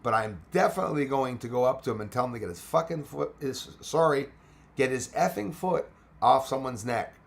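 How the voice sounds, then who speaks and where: This Quebec-accented host of a space channel livestream speaks fairly quickly in a medium pitch with audible vocal fry. He chats casually with viewers, switching between English and French and cursing without restraint.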